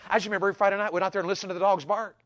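A man's voice: high voice, very fast. Man telling a folksy story. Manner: animated, repeats words, builds to loud peaks. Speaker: storyteller speaker.

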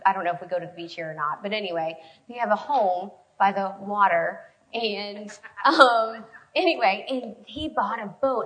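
Bright, lively woman preaching. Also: mid-range voice, rough recording. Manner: conversational and storytelling, quick shifts in loudness. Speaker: preacher speaking to a women's group. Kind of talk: sermon.

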